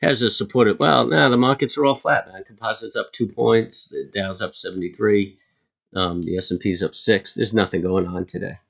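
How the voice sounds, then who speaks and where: A man with a low, gravelly voice talks loosely through a live market stream. He rambles with frequent ums and uhs and chats with his viewers as he goes. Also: steady tone, moderate pace, a bit bright. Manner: laid-back, chatty asides to viewers. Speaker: live trading stream host.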